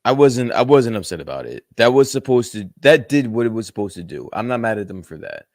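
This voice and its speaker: A man co-hosting a casual podcast chat, relaxed and swearing casually. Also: medium pitch, brisk, no echo, studio quality. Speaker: podcast co-host.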